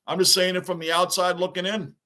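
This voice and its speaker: A man's voice: sits high, level tone, brisk, pushed and bright. A man hosting a live stream, chatting casually as he reacts to a baseball game and reads viewer comments aloud, sounding like a frustrated fan.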